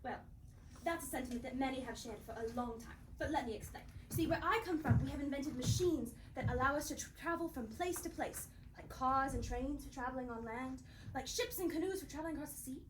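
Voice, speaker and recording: A woman playing an excitable, genteel female inventor and time traveler on a live stage, with a theatrical, breezy manner. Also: sits high, brisk, lightly acted. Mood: explaining. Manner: theatrical, breezy, prim and gushing. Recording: roomy theatre heard from far off, noisy.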